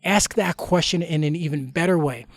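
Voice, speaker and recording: A man's voice: on the high side, moderate pace, dry recording. A middle-aged man giving an emphatic motivational talk as a life coach, full of rhetorical questions.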